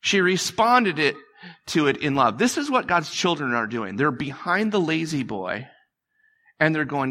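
A man's voice: a little high, sing-song, unhurried, pushed and bright. A male pastor preaching a conversational sermon, repeating phrases and acting out quotes.

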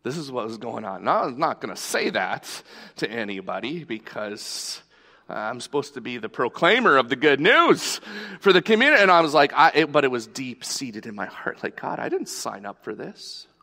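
A man's voice: mid-range voice, very animated, normal speed, pushed and bright, in a large hall. A male pastor preaching a sermon, telling a personal story in a conversational storytelling way.

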